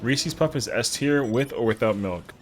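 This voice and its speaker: A man's voice: medium pitch, moderate pace, soft background music. A man streaming a game live, chatting casually with viewers in a rambling, slangy way. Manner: rambling, slangy, answers chat.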